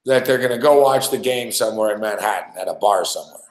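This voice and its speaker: A man's voice: lowish voice, fast talker, echoey room, rough recording. A man hosting a sports talk show, telling a rambling, profane story with laughs and restarts. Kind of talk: casual storytelling chat.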